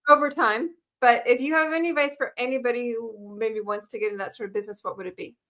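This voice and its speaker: A woman hosting a casual interview, upbeat and quick to laugh. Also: a little high, steady tone, a bit bright. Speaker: host.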